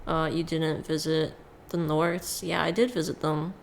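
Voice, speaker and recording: A woman streamer casually chatting through a game, sarcastic and quick to swear. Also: low voice, fairly even intonation, vocal fry. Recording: music playing loudly behind.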